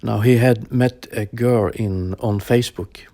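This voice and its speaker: A man in his forties telling a personal story in a halting way, with plain phrasing and many pauses and fillers. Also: mid-range voice, fairly even intonation, warm tone, dry recording. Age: 40s. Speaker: storyteller sharing a personal experience. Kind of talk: personal spoken account.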